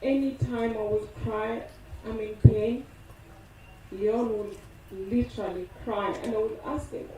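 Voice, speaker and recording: Slow, mellow woman giving a eulogy. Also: a little high, steady tone, a little hiss or hum. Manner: tender, reminiscing, quoting loved ones. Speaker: eulogy speaker, partner of the deceased. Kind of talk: funeral tribute speech. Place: funeral service venue. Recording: echoey hall from far off.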